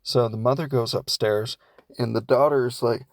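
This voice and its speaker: A young man casually recapping a film plot in a rambling comedic way, slipping into quick asides for the characters. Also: medium pitch, fairly even intonation, no echo, studio quality.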